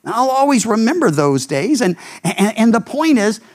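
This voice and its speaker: Pastor, male, lively sweeping delivery that jumps up to voice the people he quotes. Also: normal speed. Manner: animated, acts out quoted speakers with big pitch jumps. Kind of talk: expository sermon.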